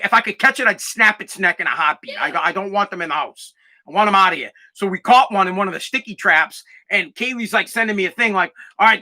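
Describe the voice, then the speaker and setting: A young man with a high-sitting, sharp voice hosts a podcast. He tells stories in casual chat, delivering them in a brash, profane, emphatic way.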